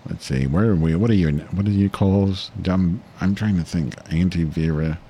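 A man's voice: low voice, normal speed, warm tone, a little hiss or hum. A man hosting his own podcast, swearing constantly and insulting a caller in a crude, abrasive way. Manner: foul-mouthed, abrasive, mock-insulting. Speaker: podcast host. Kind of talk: crude profane call-in chat.

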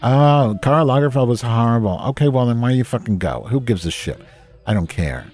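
A man's voice: medium pitch, expressive, a little fast, a little mellow. Grumpy, profane man ranting. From New Jersey. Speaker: host. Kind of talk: casual ranting monologue.

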